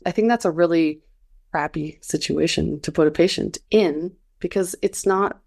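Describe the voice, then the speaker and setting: A woman's voice: lowish voice, moderate pace, vocal fry, a little mellow. A woman speaking earnestly in a conversation, reflective and searching for words as she goes.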